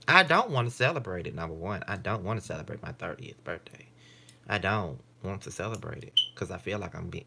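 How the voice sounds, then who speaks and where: A man's voice: low-pitched, expressive, a little fast, gravelly, pushed and bright, husky. A man in his late twenties chatting casually to camera in a candid, rambling, profane way. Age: late 20s. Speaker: vlogger. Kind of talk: casual vlog chat.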